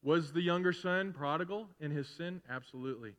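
A middle-aged man preaching a sermon as pastor in a conversational way, building to loud, emphatic repetition. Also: a little high, a little fast. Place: church sanctuary. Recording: long hall reverb in a church.

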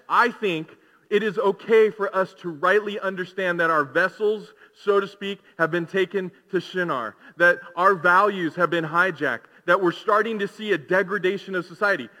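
A man's voice: sits high, bright, forceful tone. A man preaching a sermon, conversational and full of rhetorical questions. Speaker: pastor. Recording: long hall reverb.

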